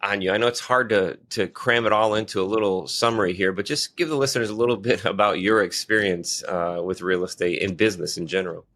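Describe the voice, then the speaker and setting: A man's voice: on the low side, fast talker, few pauses, fairly bright tone. A man from Michigan hosting a podcast interview, with an upbeat, hyped delivery full of "uh" fillers. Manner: upbeat, hypey, many "uh" fillers. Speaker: podcast host.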